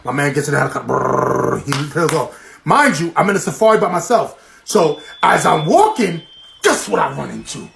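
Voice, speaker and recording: A man's voice: brisk, creaky, slight background noise. A man telling comic true-story tales, acting out each quoted line with big jumps in his voice. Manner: animated, acts out quotes with big pitch jumps.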